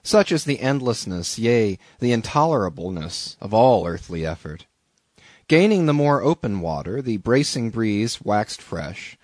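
Man narrating an old novel, slow and measured, mid pitch, very dry close sound. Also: dry recording. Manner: slow, deliberate, measured reading. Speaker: audiobook narrator. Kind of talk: scripted narration of a classic novel.

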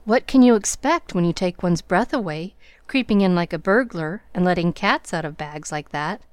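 A woman's voice: lowish voice, normal speed, smooth, no echo, natural voice. A woman voicing a spirited, impulsive young woman who exclaims and teases in an audiobook reading. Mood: excited teasing.

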